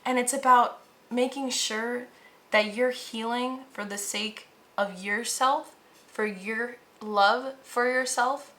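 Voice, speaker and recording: A woman with a bright, forceful voice pitched a little high reads tarot straight to her viewers. She talks casually and earnestly, drops slang and leans hard on her encouragement. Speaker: tarot reader. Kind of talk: pick-a-pile tarot reading to viewers.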